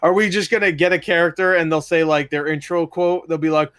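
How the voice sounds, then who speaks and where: A man's voice: fairly high pitch, brisk, smooth, no echo, clean studio sound. A man co-hosting a casual gaming podcast, joking sarcastically and swearing a lot. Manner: profane, sarcastic, animated storytelling. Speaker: podcast co-host. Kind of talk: casual chat.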